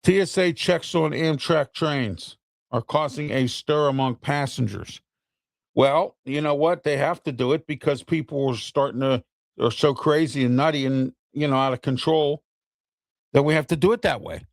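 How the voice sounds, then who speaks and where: Man, middle-aged, gravelly voice, exasperated opinion host, blunt, dry close sound. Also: on the high side, moderate pace, dry recording. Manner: blunt, exasperated, talks straight to viewers. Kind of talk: ranting opinion commentary.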